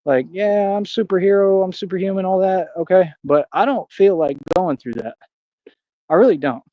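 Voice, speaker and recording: A man's voice: sits high, moderate pace, dry recording, lo-fi sound. Rambling aggrieved man on a livestream. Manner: rambling, aggrieved, preachy, slangy. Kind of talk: casual livestream rant. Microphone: streaming mic.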